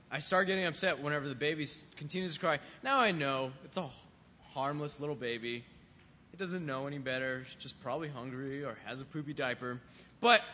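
A man's voice: a little high, sharp tone. A man giving a youth sermon in a conversational way, often repeating words and asking the audience questions. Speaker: youth pastor. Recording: muffled hall recording with long reverb and faint hiss.

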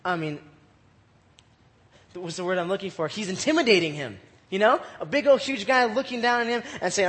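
A man's voice: sits high, expressive, a little fast, a bit bright, in a large hall. A man leading a casual Bible study, reading verses aloud and retelling them in chatty slang with frequent laughs.

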